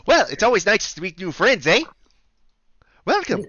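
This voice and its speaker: A man's voice: high-pitched, sing-song, normal speed, sharp tone, husky, dry recording, muffled recording, pitched above the performer's own voice, heavily acted. A man voicing a cheery, overfriendly male innkeeper with a mock Canadian accent who keeps adding "eh". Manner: chirpy, tacks "eh" onto lines.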